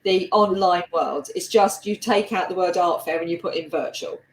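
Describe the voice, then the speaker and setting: A woman with a light South London twang hosting a casual video-call interview, chatty and quick to laugh. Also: lowish voice, echoey room, slight background noise, rough recording. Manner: chatty, laughs easily, animated asides. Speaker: host and curator.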